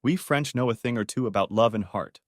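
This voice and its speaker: A man's voice: mid-range voice, brisk, no room sound, studio quality, natural voice. A man voicing a charming, confident young French wife who teases and persuades with poise.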